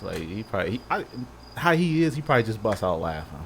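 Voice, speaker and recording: A man with a lively, swooping voice, chatting casually on a live-streamed podcast. He tells stories in an animated way and acts out each line of dialogue. A faint hiss of background noise sits under his voice. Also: fairly low pitch, fast talker, vocal fry. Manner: animated storyteller, acts out quotes with many "I'm like". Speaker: podcast co-host. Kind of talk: casual chat, storytelling.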